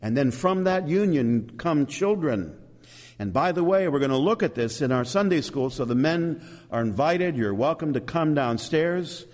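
A man preaching a sermon, animated and emphatic, with asides to the congregation. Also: a little high, moderate pace, big-room sound. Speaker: pastor.

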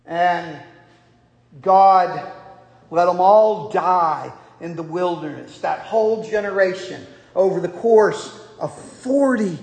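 A man's voice: sits high, slow, vocal fry, a little mellow. A man preaching a sermon as pastor in a church, with folksy joking asides to the congregation. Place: church sanctuary. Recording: echoey hall.

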